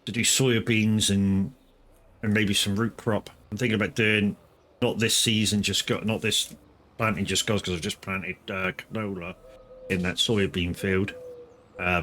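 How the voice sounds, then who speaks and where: This deep, pushed, bright male voice comes with a little hiss or hum in the background. He's a streamer playing a farming game, talking loosely to his audience, swearing, wandering off topic and frequently starting over.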